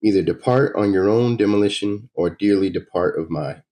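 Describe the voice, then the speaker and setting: A fierce young woman warrior giving curt orders, voiced by a man reading a comic, his low voice only a little raised and firm. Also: moderate pace, warm tone, close to an everyday voice. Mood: commanding. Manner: curt, commanding.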